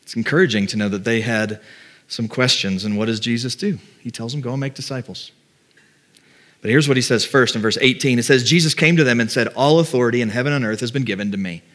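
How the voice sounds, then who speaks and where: A man's voice: medium pitch, quick pace, a bit bright. Conversational man preaching a sermon. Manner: conversational preaching, acts out doubts in quoted voices. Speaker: pastor.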